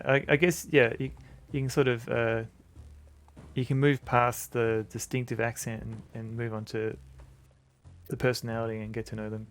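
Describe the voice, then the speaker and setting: A man's voice: medium pitch, creaky, a little hiss or hum. A man with an Australian accent chatting casually while streaming a game, rambling and self-deprecating.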